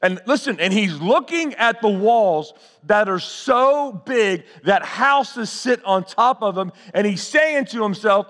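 A man's voice: sits high, expressive, slow, few pauses, fairly bright tone, long reverb tail. A man preaching a sermon to his church, questioning the congregation and answering in a rising and falling delivery. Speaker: pastor.

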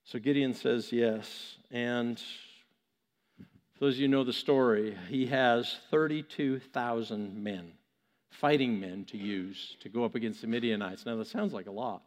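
A male pastor preaching a sermon, telling a story with animated, chuckling asides. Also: mid-range voice, measured pace, big-room sound.

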